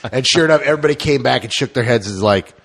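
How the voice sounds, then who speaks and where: A man co-hosts a casual podcast, his voice sitting at an ordinary middle pitch. He talks animatedly and drops into quick impressions mid-story. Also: creaky, fairly bright tone, husky. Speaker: podcast co-host. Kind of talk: casual chat.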